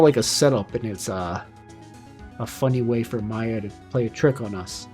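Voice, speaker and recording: A man's voice: mid-range voice, normal speed, warm tone, soft background music. A man on a game stream, reading the game's dialogue aloud and chatting between lines. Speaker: VTuber streamer.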